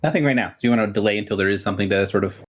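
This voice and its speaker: A man acts as game master for a tabletop session. His voice sits a little low, and he describes scenes and choices in a loose, rambling manner, often restarting his sentences. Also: racing. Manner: relaxed, rambling explanations with restarts.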